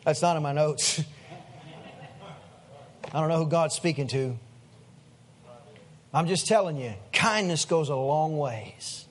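A man's voice: fairly high pitch, lively intonation, slow, long pauses. A man, a pastor in his thirties preaching a sermon in a folksy storytelling way. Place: church sanctuary.

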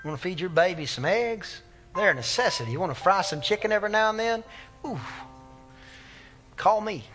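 A man's voice: high voice, expressive, fast, a bit bright, soft background music. A man, a pastor preaching an impassioned, conversational sermon. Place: church sanctuary.

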